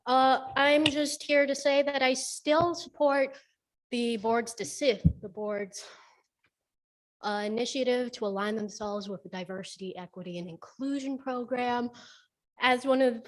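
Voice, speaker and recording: A woman's voice: on the high side, steady tone, measured pace. Breathless teenage girl at a board meeting. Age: teens. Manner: hesitant, apologetic, with fillers and restarts. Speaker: student public commenter. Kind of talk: public comment at a school board meeting.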